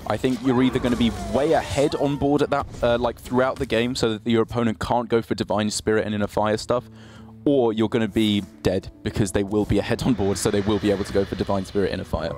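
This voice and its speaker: A man's voice: on the low side, level tone, fast, hardly any pauses, over music. A man giving analytical live commentary on a card game tournament, laughing easily between plays. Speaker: esports caster.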